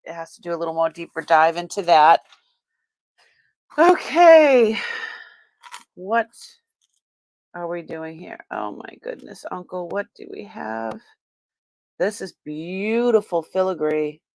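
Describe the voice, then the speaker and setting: A woman's voice: fairly low pitch, animated, slow pace, gravelly, pauses often, a little mellow, dry recording. Chatty woman hosting a live sale. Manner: chatty, exclaiming, laughing often. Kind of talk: live-stream unboxing chat.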